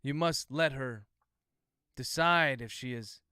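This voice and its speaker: A man voicing a calm, sinister old priest who speaks low and measured in a dictated thriller. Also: clean tone, no echo, studio quality. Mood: ominous.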